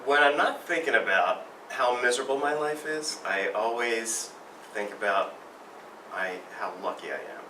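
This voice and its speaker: A man's voice: medium pitch, big pitch swings, normal speed, pushed and bright. A man telling a rambling, self-mocking story about a near-miss on his bike. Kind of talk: personal storytelling. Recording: roomy, distant mic, faint noise.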